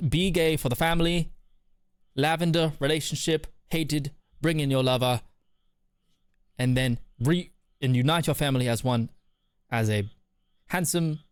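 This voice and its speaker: A man's voice: fairly high pitch, clean tone, no echo, studio quality. Casual male streamer reading chat. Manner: relaxed, reads chat messages aloud, joking. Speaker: streamer host.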